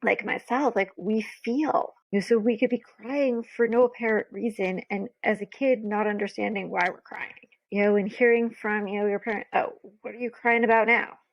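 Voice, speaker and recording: A woman's voice: medium pitch, steady tone, moderate pace, few pauses. A woman guest on a podcast, talking candidly and emotionally with many fillers. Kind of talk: casual conversation. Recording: dull lo-fi sound.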